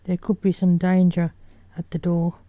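A woman reading the lines of a calm, sly father who can read minds, in an even, flat way. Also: lowish voice, moderate pace, no room sound, natural voice. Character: calm, sly adult male mind-reader, father.

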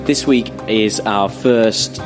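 Low-voiced male podcast host. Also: over music. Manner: halting, restarts questions. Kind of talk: podcast interviewing.

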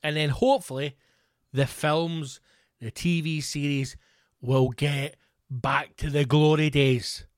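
A man's voice: a little high, steady tone, takes it slowly, no room sound. Scottish guy on his podcast, sarcastic and sweary, dry close sound. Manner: sarcastic, blunt, swears freely. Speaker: podcast host. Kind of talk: sweary ranting commentary and news reading.

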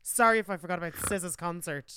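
A woman's voice: fairly low pitch, fast talker, a bit bright, a little hiss or hum. A young woman co-hosting a podcast, chatting in a laid-back, giggly way. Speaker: podcast co-host. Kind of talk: casual chat. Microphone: headphones.

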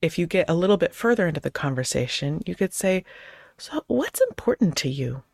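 Woman host talking casually, low voice that jumps way up when she acts out chats, dry close mic. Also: a little fast, creaky, no echo. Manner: acts out both sides of sample conversations in lively voices. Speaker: podcast host; clergy. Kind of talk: casual advice talk.

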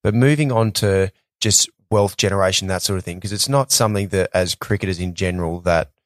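A male host with a lowish voice poses long questions in casual talk. He pauses and fills gaps while he searches for words. The recording is dry and close. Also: dry recording. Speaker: podcast host, former cricketer.

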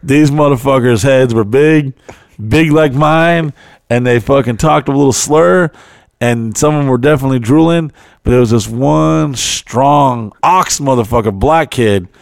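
A young man telling a crude, profane story on a podcast in a blunt, animated way. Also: mid-range voice, a little slow, creaky, dry recording, clean studio sound. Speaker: podcast host.

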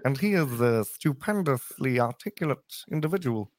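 A male voice actor and impressionist, talking in a lively, self-interrupting way during a casual interview. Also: mid-range voice, moderate pace.

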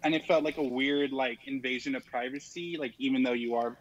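A man's voice: medium pitch, fairly even intonation, a little fast, muffled recording. Casual male caller on the phone. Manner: casual, full of "like" fillers.

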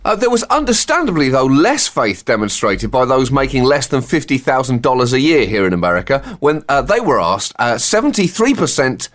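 A man's voice: mid-range voice, sing-song, fairly quick, hardly any pauses, fairly bright tone. A man co-hosting a satirical comedy podcast, delivering sardonic riffs and chuckling at his own jokes.

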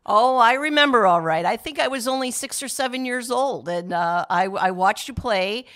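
A middle-aged woman casually recalls childhood memories of her father, acting out quoted voices in a lively way. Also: on the high side, normal speed. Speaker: daughter sharing memories. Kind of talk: casual storytelling.

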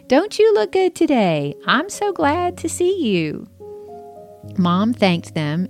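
Low-voiced woman reading her own memoir. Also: a little mellow. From American South. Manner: conversational, wry storytelling with lightly acted dialogue. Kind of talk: audiobook memoir narration.

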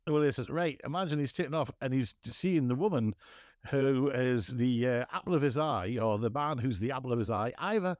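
A man's voice: mid-range voice, lively intonation, brisk, a little mellow, no room sound. A man co-hosting a podcast, chatting casually and teasing his friend with comic stories. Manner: playful storyteller, teasing, dips into jokey voices. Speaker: podcast co-host. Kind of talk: casual banter.

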